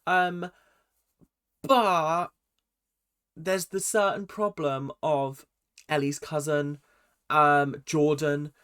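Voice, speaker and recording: A man's voice: a little high, steady tone, extremely slow, long pauses, fairly bright tone, clear, resonant tone. A young man giving a chatty, exasperated recap of a reality show, full of ums and restarts. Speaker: reaction vlogger. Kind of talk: casual recap commentary.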